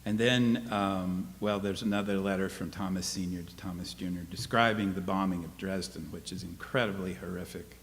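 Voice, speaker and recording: Hesitant low-voiced male lecturer. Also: fairly even intonation, moderate pace, few pauses. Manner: hesitant, with fillers between points. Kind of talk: literature lecture with read excerpts. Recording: echoey hall, faint noise.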